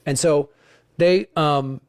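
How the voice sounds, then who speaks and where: Animated, profane middle-aged male storyteller. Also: fairly high pitch, takes it slowly, clean tone, no room sound. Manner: animated, profane, acts out quoted dialogue. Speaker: guest comedian. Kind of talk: conversational storytelling.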